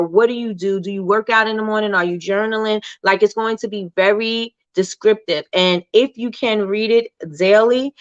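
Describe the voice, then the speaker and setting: A woman's voice: mid-range voice, dry recording, highs cut off. A woman hosting a casual motivational livestream, chatty and encouraging, often asking "right?" and reading out viewer comments. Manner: reads viewer comments aloud. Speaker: livestream host.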